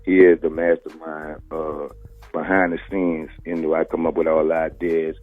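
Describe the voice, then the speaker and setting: Over a tinny phone-line radio call, a New Orleans man with an extremely low, level voice talks at normal speed as soft music plays behind him. He's a podcast host chatting casually in an interview, his speech thick with street slang and "you heard me" in a New Orleans accent.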